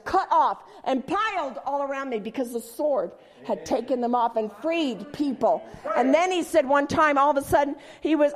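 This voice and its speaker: A woman pastor telling a personal testimony in an animated storytelling way, acting out the voices of people she quotes. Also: sits high.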